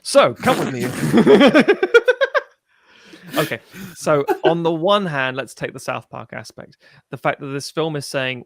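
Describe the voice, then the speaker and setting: A man in casual film chat, animated, swearing freely and mimicking people as he tells a story. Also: on the high side, takes it slowly, gravelly, pauses often, no echo, clean studio sound. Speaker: podcast co-host.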